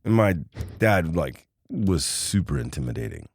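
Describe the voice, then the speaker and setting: Deep-voiced man telling a story. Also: moderate pace, vocal fry, no echo, studio quality. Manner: animated storyteller acting out quoted voices. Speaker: podcast guest. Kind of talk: casual storytelling.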